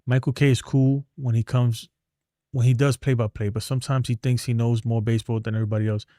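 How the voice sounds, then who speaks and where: A middle-aged New York man, a sports streamer, speaks fast in a mid-range, dark-toned voice with flat delivery, recorded at studio quality with no room sound. He rants bluntly and rambles on a casual livestream, trailing off into mumbles.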